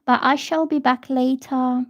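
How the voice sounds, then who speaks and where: Woman livestream tarot reader, bluntly animated, higher voice, dry close sound. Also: unhurried, no echo, muffled recording. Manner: blunt, animated storytelling with acted quotes. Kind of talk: casual livestream chat. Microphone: phone or laptop.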